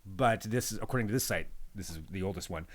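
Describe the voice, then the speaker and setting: A man's voice: sits low, quick pace. A man co-hosting a casual podcast from his spare bedroom, reading random facts with joking asides. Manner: jokey, reads facts aloud with playful asides. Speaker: podcast co-host. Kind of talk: casual chat.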